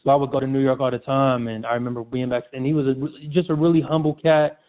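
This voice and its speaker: A sportswriter appears as a guest in a casual interview, telling stories in a relaxed, slangy manner. He has a medium pitch and talks fast, and the audio is tinny, like a phone line.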